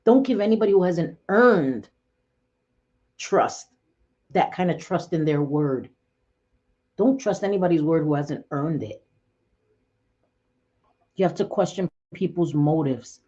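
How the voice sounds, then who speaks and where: A woman's voice: deep voice, lively intonation, unhurried, long pauses, mellow. A middle-aged woman hosting a casual livestream from home, chatty and laughing often as she talks to viewers by name. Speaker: livestream host. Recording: dull lo-fi stream audio.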